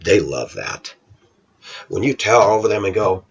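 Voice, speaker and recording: A man's voice: animated, normal speed, vocal fry, pauses often, breathy edge, lo-fi sound. A middle-aged American man ranting in a casual, opinionated monologue, sometimes mocking other people's voices. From United States. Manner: opinionated, scornful, mocks voices in falsetto. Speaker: vlogger.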